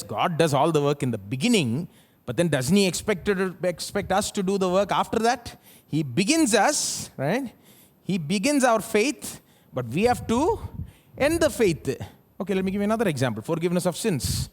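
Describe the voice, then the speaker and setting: A high-pitched male pastor with an Indian English accent delivers a sermon at a live church service, posing rhetorical questions to the congregation and swinging between loud and soft.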